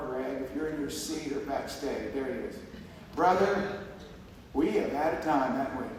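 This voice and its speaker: A man's voice: fairly high pitch, darkish tone, slight background noise. A man giving a heartfelt, rambling acceptance speech on stage, full of restarts and quoted conversations. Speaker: award honoree giving a speech. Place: large hall on stage. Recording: echoey hall recorded from far off.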